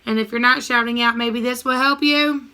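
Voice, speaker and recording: A woman teaches a math lesson to young children over a computer mic. Her voice is bright and a little high. She speaks in a cheerful sing-song and breaks into short rhymes for the class. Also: fairly even intonation, moderate pace.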